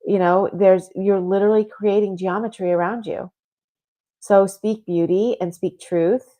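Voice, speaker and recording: A woman's voice: medium pitch, fairly even intonation, unhurried, mellow. A woman hosting a spiritual talk show, chatting casually and reading listener comments aloud with lots of fillers. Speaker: podcast host.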